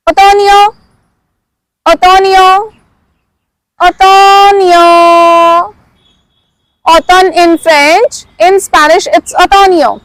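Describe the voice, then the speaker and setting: A woman teaches vocabulary, drilling each word several times and praising the learner. Her voice sits very high, and she speaks at an unhurried, very slow pace. The recording is dry and close. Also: no room sound, poor audio. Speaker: language teacher. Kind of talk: slow, repetitive language lesson.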